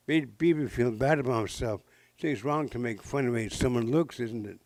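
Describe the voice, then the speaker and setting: During a public library talk, a man in his sixties from the Pacific Northwest relates traditional legends in a medium-pitched voice at a moderate pace, joking around and asking the live audience questions. There's no room sound, and the recording is rough.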